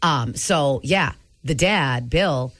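Woman, co-host, casual gossipy chat, lively swinging pitch, dry close sound. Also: takes it slowly, no echo. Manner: gossipy, animated storytelling. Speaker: radio show co-host.

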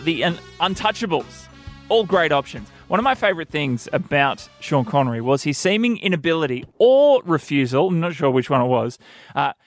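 A man hosting a comedy radio show, wisecracking with quick delivery. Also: on the high side, a bit bright, no echo. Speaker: radio host. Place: radio studio.

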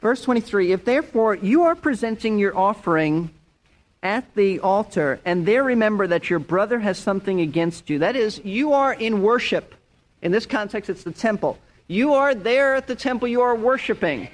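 Man, middle-aged pastor, high voice, earnest verse-by-verse sermon, repeats himself. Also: lively intonation, moderate pace. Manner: earnest, repeats words, acts out quoted people.

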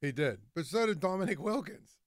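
A man in casual sports talk who tells stories in an animated, excitable way. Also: high-pitched, quick pace, no room sound, clean studio sound.

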